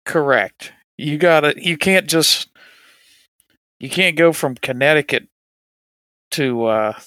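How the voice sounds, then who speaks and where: A man's voice: on the high side, expressive, takes it slowly, bright, forceful tone, dry recording, studio quality. A man co-hosting a casual sports talk show, laid-back and agreeable. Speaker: podcast co-host.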